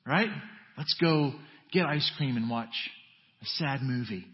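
A male pastor preaching a sermon in a conversational way, dropping to a hush and then rising to emphatic, urgent lines. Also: medium pitch, slow. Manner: conversational preaching with wide swings from hushed to emphatic. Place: church sanctuary. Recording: dull audio with long church reverb.

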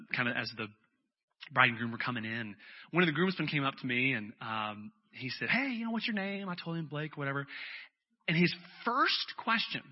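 A man preaching a sermon as a pastor, telling stories in a relaxed conversational way with lots of fillers. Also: medium pitch. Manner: conversational storytelling with frequent fillers. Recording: dull lo-fi sound with faint music.

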